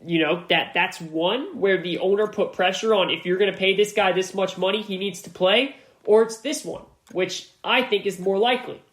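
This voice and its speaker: A man's voice: high-pitched, moderate pace, a bit bright. Guy doing a solo sports podcast, casual and punchy, keeps repeating stuff for emphasis, echoey room. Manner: emphatic, repeats key points for stress; casual and conversational, with slang. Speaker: podcast host.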